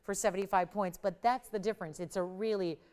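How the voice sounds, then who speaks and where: Smooth-voiced woman hosting a jewelry sale. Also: medium pitch, steady tone, fairly quick, darkish tone. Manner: chatty, enthusiastic sales patter with playful price build-ups. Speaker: shopping channel host. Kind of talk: live TV jewelry selling.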